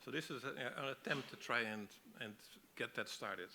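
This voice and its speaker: A man teaching a masterclass on storyboarding, explaining in a relaxed way with frequent restarts. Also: medium pitch, normal speed, gravelly, a little hiss or hum. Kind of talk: lecture on storyboarding.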